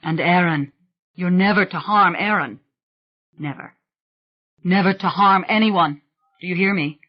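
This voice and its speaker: A frightened young woman stands her ground, as voiced by an audiobook reader. She speaks low and hushed but firmly, issuing commands. The sound is dull and muffled. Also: fairly even intonation, normal speed, close to an everyday voice. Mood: defiant.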